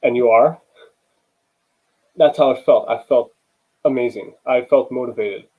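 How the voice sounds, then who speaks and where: A man's voice: mid-range voice, a little slow, warm tone, poor audio. A young man giving a personal storytelling talk to students in a conversational way, often saying "you know" and acting out the dialogue. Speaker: student speaker.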